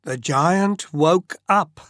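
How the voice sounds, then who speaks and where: A storyteller reading a fairy tale aloud very slowly and expressively, as bedtime listening practice. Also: mid-range voice, dry recording. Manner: very slow, expressive read-aloud.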